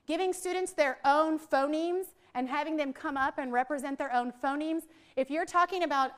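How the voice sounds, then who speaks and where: A woman leads a workshop for teachers. She talks playfully, jokes with the room and draws out single speech sounds. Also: high-pitched. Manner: playful, joking with the audience, drawing out sounds. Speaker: literacy trainer presenting to teachers. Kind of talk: live workshop presentation. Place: training room with a live audience.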